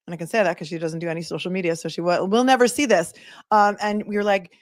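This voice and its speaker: A woman's voice: on the low side, fast, dry recording, studio quality. A middle-aged woman attorney hosting a casual livestream, chatting and reading viewer comments aloud.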